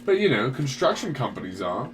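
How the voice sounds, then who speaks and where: A man's voice: mid-range voice, big pitch swings, brisk. A man explaining a point casually with frequent profanity. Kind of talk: casual chat. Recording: recording with faint hum.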